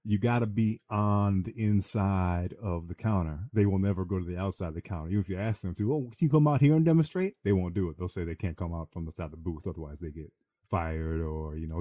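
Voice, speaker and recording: A man hosting a podcast, telling animated, slangy stories and acting out other people's voices. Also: low voice, no room sound, clean studio sound. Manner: animated, slangy storyteller who acts out voices. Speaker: podcast host. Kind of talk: casual storytelling chat.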